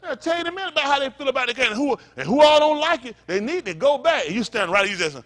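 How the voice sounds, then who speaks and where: A man's voice: extremely high pitch, expressive, rapid-fire, fairly bright tone. A male pastor preaching a fiery, blunt sermon, full of profanity and call-and-response asides.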